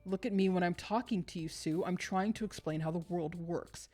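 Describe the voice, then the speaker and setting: A woman's voice: on the low side, normal speed, dark tone, faint music behind, natural voice. A woman reading the lines of a domineering, passive-aggressive middle-aged father aloud from a game. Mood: condescending. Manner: lecturing, condescending.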